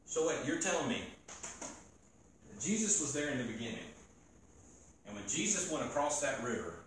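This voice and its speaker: A man preaching a casual, joking sermon, talking with the crowd in an animated way. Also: mid-range voice, normal speed, slight background noise. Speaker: youth preacher. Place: church gathering hall. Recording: echoey hall from far off.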